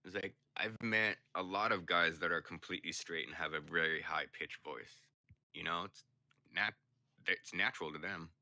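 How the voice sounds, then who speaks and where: Young man, low voice, sharp bright tone, casual profane rambling, dry close sound. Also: steady tone, normal speed, dry recording. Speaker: streamer. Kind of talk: casual chat.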